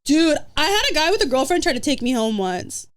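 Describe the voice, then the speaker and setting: A young adult woman, a podcast guest, telling dating stories in casual chat, animated and swearing freely. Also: high-pitched, fairly quick, a little hiss or hum.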